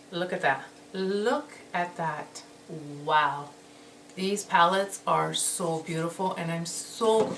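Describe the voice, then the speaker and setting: A woman hosting a casual beauty haul video, gushing and excitable, often repeating how excited she is. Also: on the low side. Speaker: beauty vlogger. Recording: roomy echo, distant mic, noisy background.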